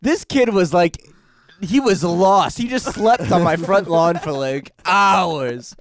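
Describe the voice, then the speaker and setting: A man's voice: high voice, lively intonation, slow pace. A young man co-hosting a podcast, telling a long story in casual chat, rambling with lots of fillers and laughing as he goes. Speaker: podcast co-host.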